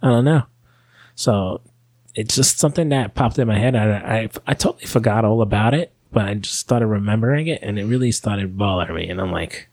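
A man calling in with a rambling, casual story, his speech full of fillers and swearing. His voice sits on the low side. The sound is dry and close, with no room echo. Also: brisk, darkish tone. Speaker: caller.

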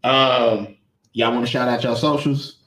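A man's voice: medium pitch, steady tone, measured pace, a bit bright, poor audio. A man hosting a podcast in casual chat, laid-back and easy. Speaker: podcast host.

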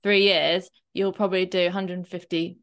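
A woman fitness coach co-hosting a podcast, chatting casually and often checking in with a quick "right?". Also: on the low side. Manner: chatty, animated, often tags a questioning "right?".

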